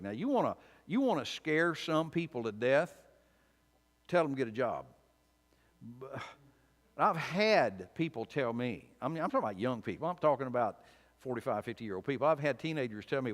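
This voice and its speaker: A man's voice: mid-range voice, lively intonation, a little fast. A man delivering a casual, opinionated sermon in a church. His mid-range voice rings with a long hall reverb. He talks informally, with a dry, wry edge and frequent restarts. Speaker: preacher teaching a Bible study. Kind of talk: conversational sermon. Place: church sanctuary.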